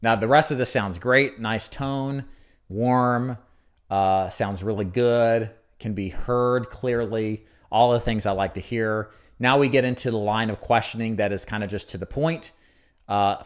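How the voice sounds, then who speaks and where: A man's voice: lowish voice, normal speed, clear, resonant tone. Upbeat man coaching sales by phone. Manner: energetic, laughs at own jokes, demonstrates inflection. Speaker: sales trainer. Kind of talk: coaching commentary on a recorded sales call.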